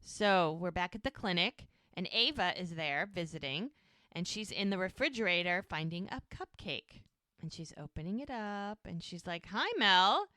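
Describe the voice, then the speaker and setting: Smooth-voiced woman recapping a show. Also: lowish voice, moderate pace, no room sound, studio quality. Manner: retells scenes with quoted lines, animated. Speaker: podcast co-host. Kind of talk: casual recap chat.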